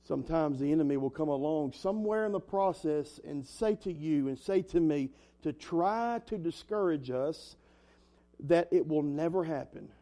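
A man's voice: a little high, lively intonation, normal speed, warm tone. A young man preaching an earnest, emphatic sermon as a pastor, in a folksy way. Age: young adult.

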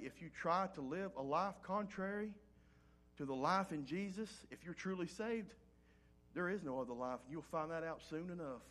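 A man preaching a sermon as pastor, reading scripture aloud and swinging between loud rises and soft, low drops. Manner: reads scripture in old-fashioned wording.

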